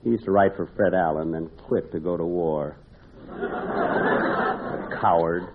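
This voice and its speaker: A man hosting and narrating a 1950s radio comedy sketch with deadpan comic timing and wry asides. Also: low-pitched, slow pace, a crowd in the background. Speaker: comedy show host and narrator. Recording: tinny noisy old radio broadcast.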